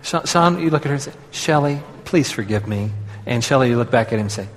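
A man's voice: mid-range voice, lively intonation, rapid-fire, in a large hall. A man preaching a sermon in a conversational way, leading his listeners to repeat phrases after him. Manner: conversational, leads audience in call-and-response. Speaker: pastor.

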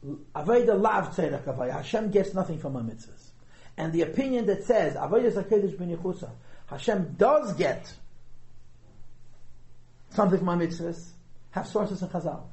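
High-voiced man teaching a Chassidus class. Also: moderate pace, vocal fry, pauses often. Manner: thinks aloud, hedges and restarts often; lively, stresses key words. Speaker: Torah teacher. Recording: echoey room.

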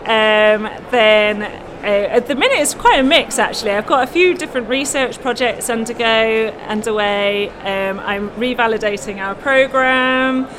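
A woman lecturer chats as an interview guest. She talks in a giggly, easygoing way and often restarts her sentences. Her voice sits fairly high, with steady noise behind her. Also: a little slow, hardly any pauses. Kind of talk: conversational interview.

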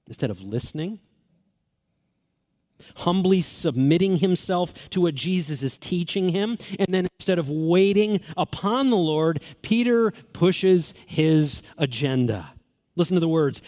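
A man preaching a sermon as pastor, earnest and emphatic, repeating key phrases and slowing down for stress. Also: a little high, expressive, darkish tone. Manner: earnest, emphatic repetition, swings between quick and slow phrasing.

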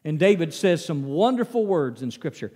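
High-voiced preacher in an echoing hall. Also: male voice, sing-song, normal speed, warm tone, slightly rough. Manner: folksy storytelling, acts out Bible scenes. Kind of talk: sermon. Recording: long reverb of a large hall.

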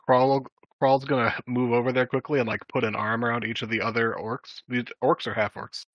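A man's voice: mid-range voice, level tone, a little fast, no echo, highs cut off. A man playing a tabletop game, speaking persuasively in character, a little away from the mic. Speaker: player.

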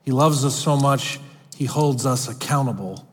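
A male pastor preaching a sermon, animated and emphatic, moving between his own words and storybook readings. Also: moderate pace. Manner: animated, emphatic preaching with big pitch swings. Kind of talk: sermon with read-aloud storybook passages. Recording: long hall reverb.

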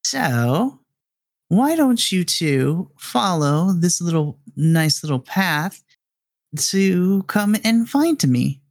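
A man's voice: high voice, sing-song, drawn-out words, voice pushed up, exaggerated voice. A man doing a sly taunting villain. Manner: sly, teasing, theatrical. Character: smooth, taunting male villain, scientist father.

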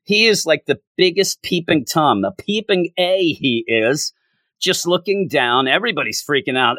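With a fairly bright, animated voice at a moderate pace, a man delivers a comic review as a casual rant, the sound close and dry without room tone. Frustration sends his pitch jumping up, and he mocks characters through sarcastic impressions.

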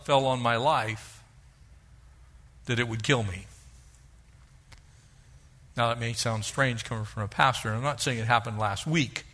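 A middle-aged male pastor preaching a sermon, animated, acting out the voices he quotes. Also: mid-range voice.

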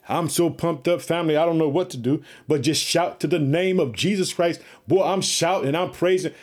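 A man's voice: on the high side, normal speed, few pauses. A man preaching a fervent sermon, repeating phrases and calling out to his listeners. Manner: fervent, repetitive call-and-response preaching.

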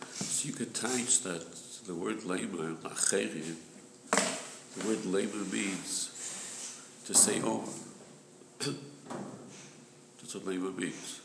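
A man with a low, gravelly voice leads a group study of a religious text. He explains patiently and repeats his key point, now and then clearing his throat. The recording sounds echoey, with faint background noise. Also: takes it slowly, pauses often. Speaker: Torah study group leader.

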